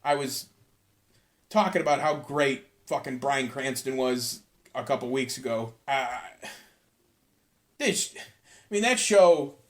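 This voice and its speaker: A man's voice: medium pitch, lively intonation, takes it slowly, long pauses. A young man hosting his own podcast alone, rambling loosely and swearing freely in a casual rant. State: tired from cleaning. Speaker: podcast host.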